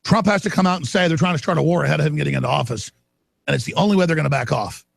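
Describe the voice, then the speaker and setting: Man, talk radio host, ranting monologue, shouting peaks, husky, gravelly. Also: on the high side, racing, dry recording.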